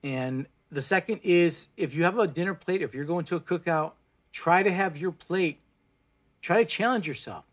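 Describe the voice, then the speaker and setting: This Mexican man in his forties, a plant-based food vlogger whose first language is Spanish, chats casually and bluntly on an indoor livestream, cursing freely while offering encouragement. His voice sits high and he talks at a normal speed.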